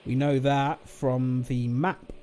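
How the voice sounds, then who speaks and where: A man's voice: medium pitch, little pitch movement, slow, warm tone. A British man streaming a game, chatting and joking in a casual, playful way. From Britain. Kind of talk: casual gaming commentary.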